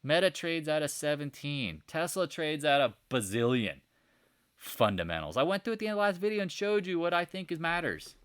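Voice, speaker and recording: A man's voice: a little high, big pitch swings, fairly quick, fairly bright tone, smooth, dry recording, studio quality. A man giving a casual, rambling market recap over charts, exasperated and preachy, firing off rhetorical questions. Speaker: market commentator.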